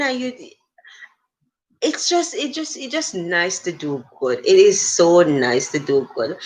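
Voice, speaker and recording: A middle-aged woman hosting a casual motivational livestream, talking earnestly and chatting with many fillers and restarts. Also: deep voice. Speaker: livestream host.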